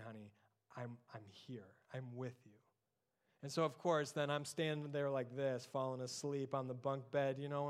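Soft-ending pastor with a higher voice. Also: male voice. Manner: drops soft and low on key words. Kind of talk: sermon.

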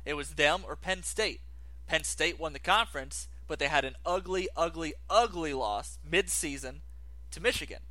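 Male sports-talk co-host, slightly high and bright, builds arguments methodically. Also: moderate pace, no echo. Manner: argumentative, lays out cases step by step. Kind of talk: casual sports debate.

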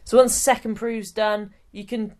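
A woman's voice: on the high side, level tone, moderate pace, a little mellow. A woman co-hosting a podcast, explaining things step by step in a chatty, joking way. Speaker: podcast co-host. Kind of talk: casual chat.

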